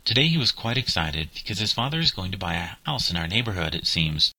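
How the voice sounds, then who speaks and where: A man's voice: deep voice, very animated, quick pace, bright, forceful tone, dry recording, exaggerated voice. A man voicing an indignant, bitter young schoolboy upset with his father. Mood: chatty.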